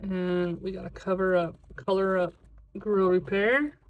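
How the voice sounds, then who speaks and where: The voice is mid-range with little pitch movement as a budgeting video creator talks to themself in a casual vlog. They count cash aloud and occasionally drift into a drawn-out, sing-song rhythm.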